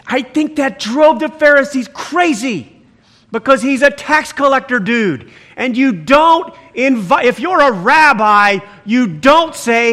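A pastor with a very high voice takes his time, preaching in an animated and conversational way. As he reads and explains the text, he breaks in with exclamations.

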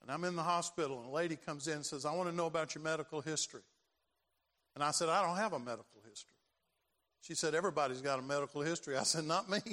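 A man, preaching a sermon and telling a personal story, acting out voices and building to loud emphasis. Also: a little high. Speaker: pastor. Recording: long hall reverb.

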